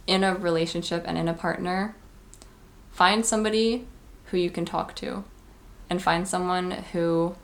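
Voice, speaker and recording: A young woman speaks in a relaxed, confessional vlog manner. Her voice sits a little low and carries a noticeable gravelly fry. She rambles warmly through advice, peppering every thought with "like". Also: a little hiss or hum. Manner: chatty, heavy use of "like", earnest advice-giving. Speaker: vlogger.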